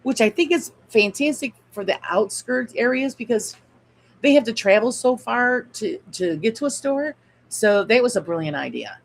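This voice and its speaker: Woman host, craft stream, gravelly texture, mid-range pitch, loose and chatty, talks to her viewers while working. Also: a little hiss or hum, rough recording. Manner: chatty, rambling, reads out and answers viewer comments. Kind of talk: casual craft livestream chat.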